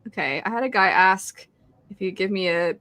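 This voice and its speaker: A woman's voice: medium pitch, lively intonation, moderate pace, fairly bright tone, no room sound. A woman hosting a reading stream in casual chat, reading out chat messages and laughing often. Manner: chatty, reads chat aloud, laughs often.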